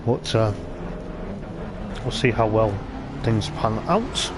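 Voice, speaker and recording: Guy doing rambly live race commentary for a sim racing league, game engines roaring loud behind him. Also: lowish voice, expressive, slow pace, background noise. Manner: chatty, meandering running commentary. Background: race car engine sounds from the game.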